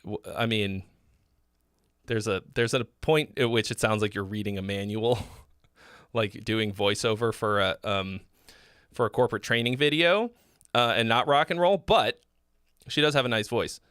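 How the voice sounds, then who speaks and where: A man hosting a livestream, picking apart listeners' songs in a loose, frank way, swearing freely and circling back on his words. His voice is bright and forward, recorded dry and close with no room sound. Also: lowish voice, normal speed, long pauses, clean tone, no echo. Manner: frank and loose, swearing, many fillers and restarts. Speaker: host giving song feedback. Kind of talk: casual livestream song critique.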